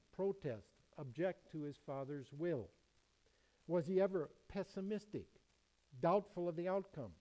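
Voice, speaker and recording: A man preaching a sermon in a measured, emphatic way. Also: on the high side, dark tone, rough recording. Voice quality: emphatic, measured delivery with many quotations.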